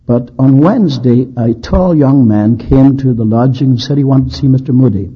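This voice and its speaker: A male preacher with a husky voice, telling a sermon's historical stories with dry humor and emphasis. The recording sounds dull and lo-fi, like an old tape. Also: mid-range voice, normal speed. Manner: anecdotal, dryly humorous, emphatic.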